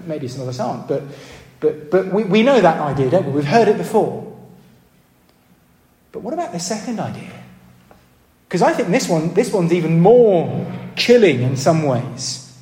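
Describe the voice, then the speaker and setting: Preaching in a church hall where the reverb is roomy, a man speaks in a warm, slightly high voice with big pitch swings, normal speed and long pauses. He's earnest and questioning, frequently checking in with the congregation and asking them things, and he repeats words as he restarts.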